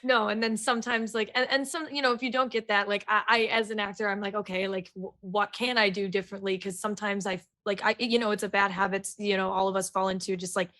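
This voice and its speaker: Bubbly chatty woman, bright voice. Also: mid-range voice, fast, hardly any pauses. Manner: bubbly and energetic, lots of fillers. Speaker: guest actor. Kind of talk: casual podcast chat.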